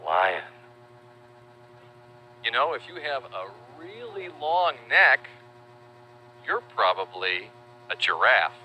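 A man narrating a children's educational video, playful and animated, spelling out words slowly for young viewers. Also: medium pitch, a little hiss or hum, low-quality recording.

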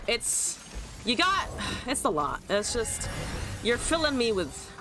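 A woman's voice: fairly high pitch, sing-song, slow pace, over music. A woman streamer casually commentating her card game, joking, laughing and swearing freely.

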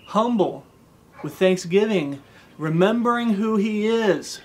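A man with a notably high voice preaches a relaxed devotional sermon. He talks earnestly and plainly, reciting scripture in old-fashioned wording and pausing to ask his listeners "okay?". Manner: earnest, conversational, often checks in with "okay?"; recites King James scripture aloud.

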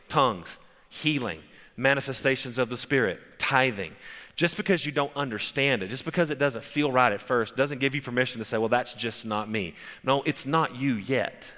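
A man's voice: medium pitch, pushed and bright, long reverb tail. A man preaching a sermon as pastor, telling stories conversationally with frequent restarts. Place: church sanctuary.

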